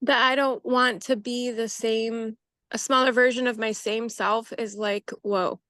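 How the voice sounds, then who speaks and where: A woman, a coaching client, reflecting hesitantly in a group, with many pauses and fillers. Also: fairly high pitch, fairly even intonation, bright, forceful tone, no echo, studio quality.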